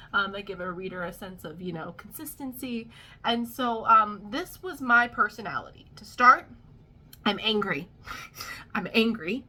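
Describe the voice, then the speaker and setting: Young woman, bright voice, casual storytime vlog, laughing, rambling with fillers, indoor camera mic. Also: mid-range voice. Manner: chatty, laughing, self-deprecating, many fillers. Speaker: vlogger.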